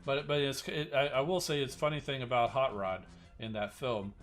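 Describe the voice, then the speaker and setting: A male streamer talking loosely to his viewers in a mid-range voice, wandering off on tangents and restarting his sentences. Quiet music sits faintly underneath. He sounds relaxed and unscripted. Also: medium pitch, moderate pace. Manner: rambling, with many restarts and asides to chat. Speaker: game streamer and host. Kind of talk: casual live-stream chat.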